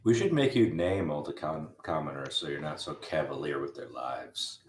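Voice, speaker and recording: A man's voice: extremely low pitch, normal speed, reverberant, slight background noise. A man playing a tabletop game, joking in a dry, wry way. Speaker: player. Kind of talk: casual tabletop play.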